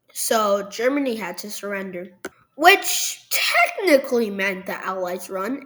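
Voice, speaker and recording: Female narrator, casual and jokey history explainer; slow pace, fairly high and animated pitch. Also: poor audio. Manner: jokey, loose, with lots of ums and "were like". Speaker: video narrator. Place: at a computer, recording over a screen.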